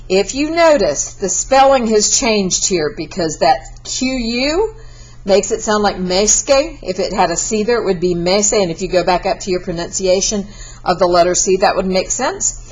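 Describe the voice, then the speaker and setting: A woman's voice: medium pitch, animated, normal speed, husky, low-quality recording. A Spanish teacher. She gives a recorded class lesson in a chatty, encouraging way and breaks into sung verses.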